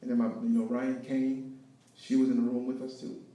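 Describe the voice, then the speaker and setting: A man's voice: mid-range voice, brisk. Man giving a testimony in an echoey hall. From Haiti. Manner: preachy, animated storytelling with shifts between loud and hushed. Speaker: guest speaker. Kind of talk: inspirational testimony talk. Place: event hall with live audience. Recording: echoey hall, picked up from far off.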